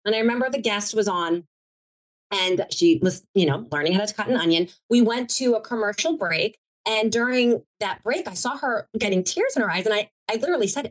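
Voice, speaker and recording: A woman's voice: mid-range voice, moderate pace. A woman, a TV producer as guest, telling stories in a rambling, heartfelt way with many restarts. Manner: rambling, self-correcting, emotional and heartfelt. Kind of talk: conversational storytelling interview.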